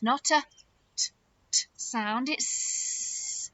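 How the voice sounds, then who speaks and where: A woman with a high voice teaches a phonics lesson to young nursery children, animated and sing-song, gasping in surprise and drawing words out slowly. There is no room sound.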